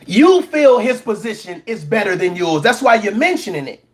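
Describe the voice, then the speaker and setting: A man's voice: sits high, very animated, normal speed. A man hosting a reaction commentary show, preaching at his audience, repeating words for emphasis and mocking others in put-on voices. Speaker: commentary channel host.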